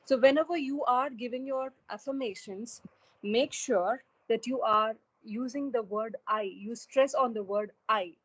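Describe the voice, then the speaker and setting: A woman's voice: fairly high pitch, measured pace, husky, poor audio. A woman giving an online webinar talk on goal setting, earnest, with many fillers and restarts, heard over a video call. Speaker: webinar speaker.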